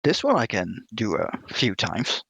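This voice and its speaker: A man's voice: fairly low pitch, wildly swooping pitch, a little slow, gravelly, fairly bright tone, breathy edge, no room sound. A man playing a tabletop game, talking in a dry, matter-of-fact way. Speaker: player.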